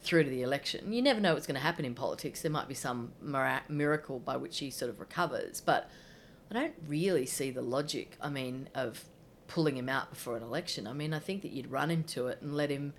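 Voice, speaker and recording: An Australian woman talks politics in a relaxed, chatty way, opinionated and full of asides. Her voice sits notably low. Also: quick pace, a little hiss or hum. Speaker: political commentator. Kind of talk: casual political chat.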